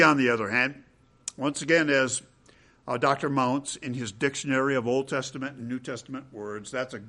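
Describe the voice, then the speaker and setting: Preaching from the pulpit, this pastor alternates booming emphasis with hushed, subdued moments and asks rhetorical questions of his listeners.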